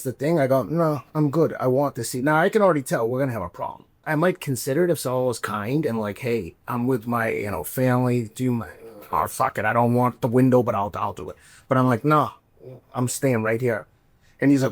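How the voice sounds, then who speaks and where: A male podcast host in the middle of a casual, swear-laden story, jumping into the voices of the people he describes. His voice sits at a middle pitch. The sound is close and dry. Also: fairly quick, no echo. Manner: animated, profane, acts out quoted voices.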